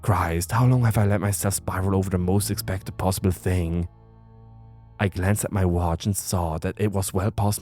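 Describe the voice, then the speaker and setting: A man narrating a first-person horror story in a tense, measured way. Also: low-pitched. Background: soft music.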